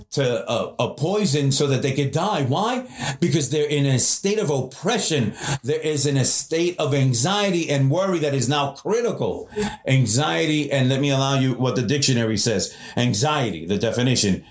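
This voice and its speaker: A male pastor preaching a sermon with emphatic delivery, slowing down and speeding up, often repeating and restarting words. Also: medium pitch, echoey room.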